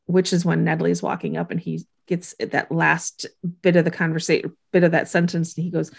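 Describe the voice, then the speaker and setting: A woman with a low, gravelly voice talks through a TV episode in a relaxed, chatty way. She runs through the scenes quickly and laughs often as she goes. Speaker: podcast co-host recapping a TV episode. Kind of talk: casual chat, episode recap.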